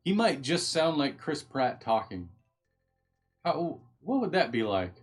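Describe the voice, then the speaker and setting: A man's voice: fairly high pitch, big pitch swings, a little slow, husky, faint music behind. A man hosting a live stream at home, chatting casually and thinking aloud as he reads, easily getting sidetracked.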